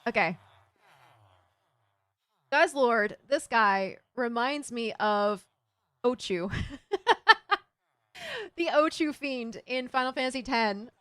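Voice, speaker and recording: A young adult woman streamer chatting casually with viewers while playing a game, animated and giggly. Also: fairly high pitch, slow pace, long pauses, no room sound. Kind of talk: casual gameplay chat with viewers.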